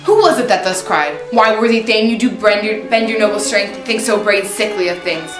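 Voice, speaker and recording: A woman's voice: medium pitch, expressive, a little fast, distant mic, lightly acted. A cold, resolute noblewoman who commands and urges, as a woman acts her. She sounds set back from the mic in an echoey room, with faint music behind. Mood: commanding. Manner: firm, urging, commanding. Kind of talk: stage acting of verse drama.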